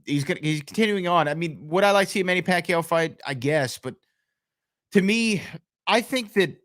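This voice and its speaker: A man with a fairly high voice, co-hosting a casual sports podcast. He thinks aloud and qualifies his opinions as he talks. The studio sound is dry and close. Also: no room sound. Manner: talkative, thinks aloud with hedges. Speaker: podcast co-host. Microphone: studio microphone.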